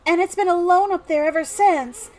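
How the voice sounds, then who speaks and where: A woman voicing a sweet little girl in a video game, high and nasal, telling a sad story in a wistful way. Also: normal speed.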